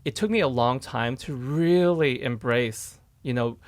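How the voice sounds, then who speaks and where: A man's voice: mid-range voice, a little slow, dry recording. A man hosting a candid group conversation, speaking earnestly and emphatically, often repeating words as he starts a thought. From United States. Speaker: host.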